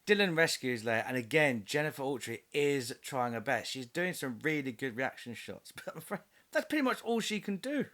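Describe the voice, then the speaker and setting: A man's voice: medium pitch, very animated, moderate pace, fairly bright tone. A man doing a comedic voice-over review of a film, sarcastic and mocking, with frequent laughs.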